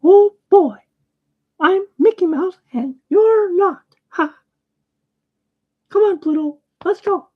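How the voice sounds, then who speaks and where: A man voicing a cheerful male cartoon mouse in a very high squeaky falsetto, on a muffled lo-fi recording. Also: slow pace, pauses often. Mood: chipper.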